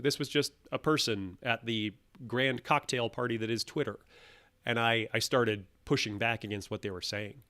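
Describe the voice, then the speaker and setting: A man hosting his own channel, giving solo commentary in an animated, emphatic way, full of restarts. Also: mid-range voice. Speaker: channel host.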